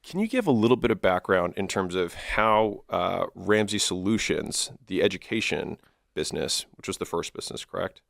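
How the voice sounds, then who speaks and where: Gravelly low-voiced male interviewer. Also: lively intonation, normal speed, a bit bright, dry recording, studio quality. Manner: short probing questions. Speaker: host, interviewer. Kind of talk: casual interview.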